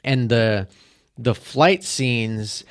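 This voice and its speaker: Slow, dry-voiced young man critic. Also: medium pitch, clean tone, dry recording. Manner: deliberate, emphatic criticism. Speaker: podcast co-host. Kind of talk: casual film review chat.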